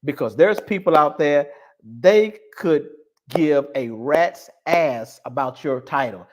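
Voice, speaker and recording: A man's voice: on the high side, expressive, takes it slowly, darkish tone, a little hiss or hum. Blunt, laughing male commentator. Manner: blunt, swings between laughing and stern. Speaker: host. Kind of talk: casual commentary on a video clip.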